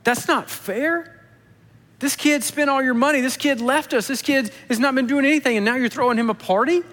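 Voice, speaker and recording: A man playing a resentful older brother, complaining in a high, whiny voice in a sermon retelling. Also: moderate pace, a bit bright. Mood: indignant. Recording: echoey hall.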